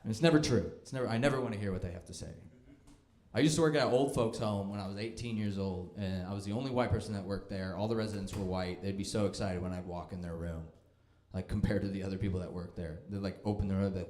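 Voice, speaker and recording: A man's voice: sits low, steady tone, quick pace, a little mellow. A young man doing a stand-up comedy set, with a dry, self-deprecating and mocking delivery. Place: comedy club stage. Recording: echoey club room.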